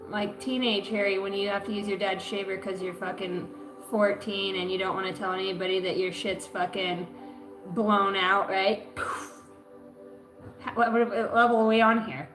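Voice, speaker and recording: A woman's voice: medium pitch, level tone, normal speed, roomy sound, music in the background, rough recording. A woman giving a zodiac card reading on a livestream, cursing a lot and rambling from joke to joke. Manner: profane, rambling and jokey. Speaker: astrology card reader.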